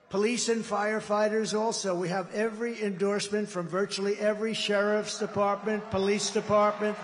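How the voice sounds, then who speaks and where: A man with a high-pitched voice delivers a rambling, boastful rally speech. He drifts from point to point in a digressive way. His words ring out with a long reverb through a large indoor arena. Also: steady tone, normal speed, few pauses, slight background noise. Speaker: political candidate.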